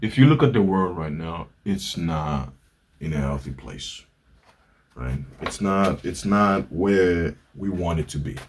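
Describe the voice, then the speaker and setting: A man's voice: sits low, animated, measured pace, breathy edge. A man talking to camera in an earnest, reflective monologue, telling a story and asking rhetorical questions. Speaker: vlogger. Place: indoors, Hamburg.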